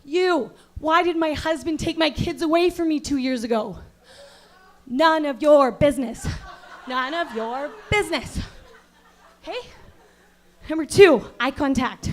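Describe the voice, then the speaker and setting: At a comedy venue, a woman does a stand-up set with crowd work while posing as a self-serious acting coach. Her very high voice moves unhurriedly with long pauses, and her deadpan lectures erupt into sudden outraged yelling.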